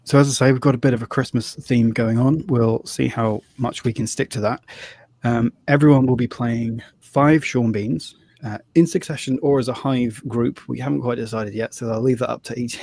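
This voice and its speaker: A man's voice: medium pitch, creaky, darkish tone. A man hosting a live tabletop game stream as game master, talking in a loose, chatty way with fillers and restarts.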